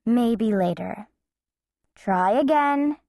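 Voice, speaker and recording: A woman's voice: on the high side, animated, drawn-out words, creaky, warm tone, no room sound, clean studio sound, heavily acted. A woman voicing a stern, exasperated mother who speaks in a firm, pointed way.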